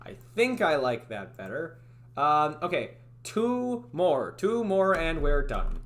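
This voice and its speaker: A woman's voice: low voice, big pitch swings, slow pace. Rambling, self-deprecating woman streamer. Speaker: streamer recording game voice lines. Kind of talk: casual livestream chat.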